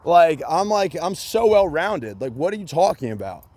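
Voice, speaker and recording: A man's voice: a little high, sing-song, moderate pace, darkish tone. A man in a rambling solo rant, agitated and profane, repeating himself with many fillers and bits of sarcasm.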